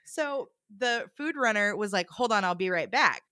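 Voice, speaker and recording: A woman's voice: mid-range voice, moderate pace, no echo, studio quality. A woman casually telling a dating story on a podcast, acting out the people she quotes. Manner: animated, acts out quoted voices. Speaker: podcast co-host.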